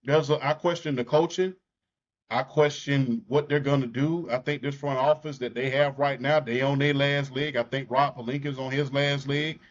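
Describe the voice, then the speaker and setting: A man's voice: mid-range voice, steady tone, moderate pace. A man with a Southern US accent talking sports on a podcast, blunt and jokey. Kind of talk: casual sports talk. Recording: muffled lo-fi audio.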